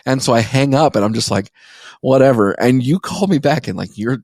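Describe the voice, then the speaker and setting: A man's voice: medium pitch, fairly quick, a little mellow, no echo. A man co-hosting a podcast in casual crude banter, blunt and sarcastic, swearing as he tells stories. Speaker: podcast co-host.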